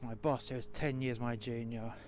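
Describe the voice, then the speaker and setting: A man's voice: medium pitch, steady tone, moderate pace, slight background noise. A man with a London accent telling a first-person story, blunt and sweary and full of indignation. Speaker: narrator. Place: outdoors in freezing cold. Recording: music playing underneath. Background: music.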